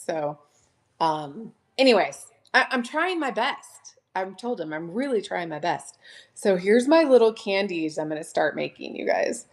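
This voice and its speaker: A woman hosting a casual live sale from home, chatting warmly and gushing over each item. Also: medium pitch, big pitch swings, unhurried. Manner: chatty, gushing, addresses viewers as "you guys". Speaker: online live-sale seller. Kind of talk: casual live-stream selling chat.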